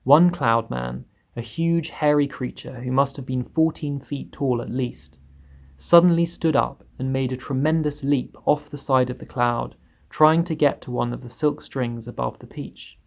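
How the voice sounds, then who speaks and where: A man reading a children's book aloud in steady storytelling, voicing the characters higher. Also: unhurried, gravelly. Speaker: reader.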